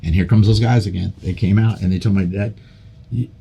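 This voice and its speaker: An older man with a low, husky voice tells a story over a casual podcast chat. He is animated, repeats himself and restarts sentences as the memory carries him along. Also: brisk. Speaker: podcast guest.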